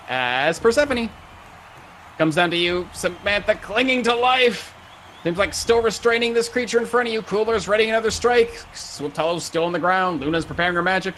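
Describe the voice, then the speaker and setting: Bright, high-voiced male game master. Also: animated, normal speed, a little hiss or hum. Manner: vivid, descriptive narration with sound effects. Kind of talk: narrating a tabletop game.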